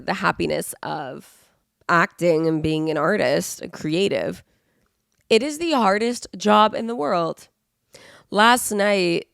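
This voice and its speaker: A woman's voice: on the low side, creaky, no room sound, studio quality. A young woman podcaster talking to a camera she set up herself, in a casual confessional monologue that is emotional and rambling, with free swearing. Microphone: self-recorded to camera.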